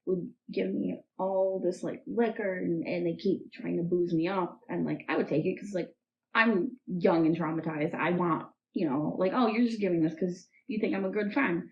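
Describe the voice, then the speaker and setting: Low, gravelly young woman, halting. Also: steady tone, a little hiss or hum. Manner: halting, full of "like" and "um". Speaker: interview guest. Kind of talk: emotional personal testimony. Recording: dull, muffled recording with faint music.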